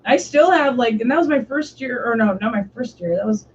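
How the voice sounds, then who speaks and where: A woman's voice: fairly high pitch, lively intonation, brisk, a little hiss or hum. A young woman hosting a stream, telling stories in casual chat, swearing often and saying "like" constantly. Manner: swears often, heavy use of "like". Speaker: stream host. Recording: muffled lo-fi stream audio.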